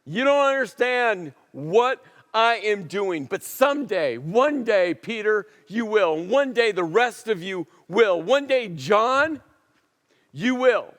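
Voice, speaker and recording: A pastor acting out Jesus as a firm, insistent teacher who hammers each phrase home. The voice sits fairly high and rings out in a big hall with a long reverb trail. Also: male voice, lively intonation, moderate pace, a little mellow. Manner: emphatic, repeating phrases with rising force. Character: Jesus, calm but insistent male teacher.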